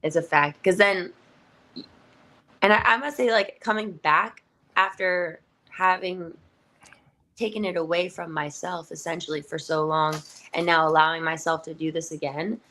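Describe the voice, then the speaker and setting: A young adult woman pro wrestler, a guest in a casual interview, talking in an animated way with many fillers and frequent laughs. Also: on the low side, moderate pace.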